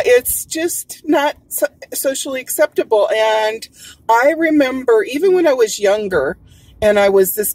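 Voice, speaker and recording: The audio is poor and captured from a distance as a woman from Hawaii hosts a vlog from her air-conditioned car, with the AC and traffic audible. Her voice is a little high, a little mellow and husky, and her Hawaiian Pidgin-tinged accent carries casual, meandering stories.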